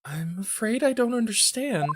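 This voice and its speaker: A streamer reading a cheerful, polite young girl from a game, lifting the voice well above its usual pitch. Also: lively intonation, moderate pace, background noise, close to an everyday voice. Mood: cheery, concerned. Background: game music.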